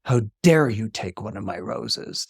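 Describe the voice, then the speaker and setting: A man voicing a menacing male beast who rules a magical castle, talking in a gruff, demanding way. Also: medium pitch, unhurried, a little mellow, no room sound, clean studio sound, close to an everyday voice.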